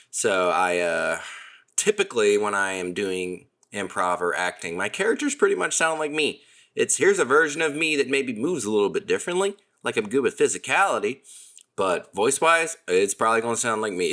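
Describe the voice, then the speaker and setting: A man's voice: medium pitch, big pitch swings, normal speed, fairly bright tone. A man hosting a casual solo podcast chat, joking and self-deprecating as he rambles. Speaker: podcast host.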